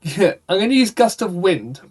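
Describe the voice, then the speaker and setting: A man playing a tabletop game, thinking aloud deliberately with pauses. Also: sits high, big pitch swings, a little mellow, husky. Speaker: player. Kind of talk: casual tabletop game play.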